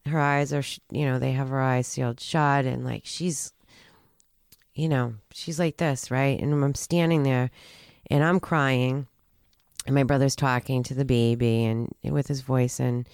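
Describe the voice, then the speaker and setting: A woman shares her own story in conversation, earnest and halting, often restarting her sentences. Her voice is smooth and resonant. The sound is dry and close. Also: extremely low pitch, fairly even intonation, a little mellow, dry recording. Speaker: guest telling her recovery story.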